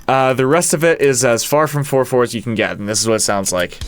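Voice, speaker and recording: A man's voice: mid-range voice, quick pace, faint music behind. A man who is a band's producer and guitarist, casually walking through how a song was made and counting out its beats aloud. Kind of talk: casual walkthrough of a song's production.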